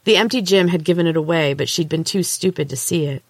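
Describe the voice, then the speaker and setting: A woman's voice: lowish voice, no room sound. Woman reading a story aloud. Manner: steady, measured read-aloud delivery. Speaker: podcast host and author. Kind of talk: storybook narration.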